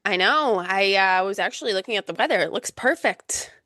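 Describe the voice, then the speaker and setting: A woman co-hosting a podcast in relaxed casual chat, mostly agreeing and adding quick comments. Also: medium pitch, dry recording. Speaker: podcast co-host.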